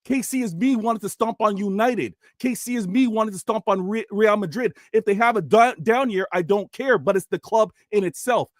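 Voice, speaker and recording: A man's voice: sits high, brisk, hardly any pauses, no room sound, studio quality. A man on a football panel, insistent and pressing his point over interruptions. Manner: insistent, keeps demanding to respond. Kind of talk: heated football debate.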